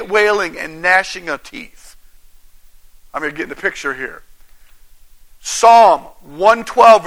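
A man's voice: sits high, bright, forceful tone. A man preaching a sermon, reading scripture aloud and calling out questions to his congregation.

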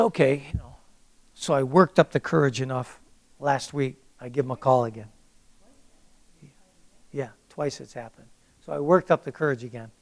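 An older man preaching a sermon, reading scripture with booming emphasis and then telling a personal story in a plain, conversational way.

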